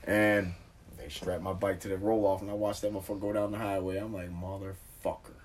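A man telling a long story in casual chat, profane and animated, loudly acting out the other people in it. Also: on the low side, quick pace, recorded from a distance, slight background noise.

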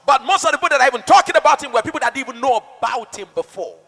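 A male pastor preaching a sermon to a congregation, dynamic and rhetorical, swinging from shouts to soft asides. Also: very high-pitched, expressive, rapid-fire, gravelly, big-room sound, faint music behind.

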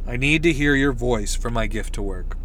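A man hosting a podcast, talking in a rambling, deadpan comedic monologue from inside his parked car. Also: mid-range voice, moderate pace, a little hiss or hum. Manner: rambling, deadpan, with asides to listeners. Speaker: podcast host.

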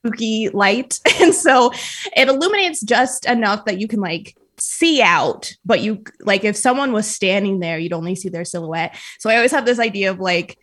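A woman in casual podcast chat, animated and giggly, with many fillers. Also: medium pitch, normal speed.

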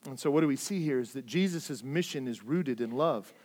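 A man preaching a sermon as pastor, earnest, repeating words as he stresses points and swinging between loud and hushed delivery. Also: mid-range voice, lively intonation, brisk.

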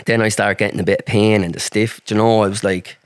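An Irish man appears as a podcast guest, telling a long personal story casually, rambling, swearing heavily and often restarting. His lowish voice moves little in pitch and goes at a quick pace, recorded in studio quality with no echo.

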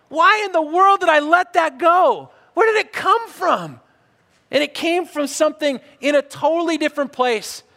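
A middle-aged male pastor preaching a sermon, telling stories with lively swings between loud outbursts and quiet, low asides. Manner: animated storytelling, swings from shouted outbursts to hushed low talk. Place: church hall. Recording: church hall with long reverb.

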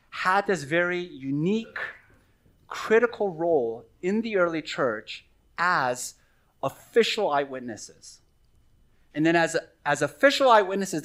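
A man's voice: fairly high pitch, fairly bright tone. A middle-aged male pastor preaching a sermon in an earnest, conversational teaching manner with friendly asides.

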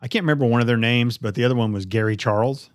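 A man's voice: mid-range voice, very fast, no echo, studio quality. A man co-hosting a podcast in casual chat, blunt and joking, swearing often. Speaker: podcast co-host.

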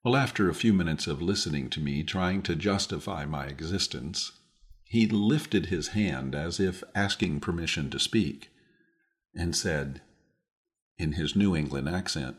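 A middle-aged man with a very deep, low voice hosts his own podcast. He delivers a scripted, reflective monologue at a measured, deliberate pace, like a seasoned speaker sharing hard-won lessons. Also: animated. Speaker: podcast host.

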